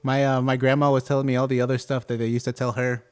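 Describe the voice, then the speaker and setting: A man's voice: mid-range voice, little pitch movement, fast talker, clean tone. A young man hosting a casual live stream, talking hesitantly with lots of ums and uhs. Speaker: livestream host. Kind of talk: casual livestream chat.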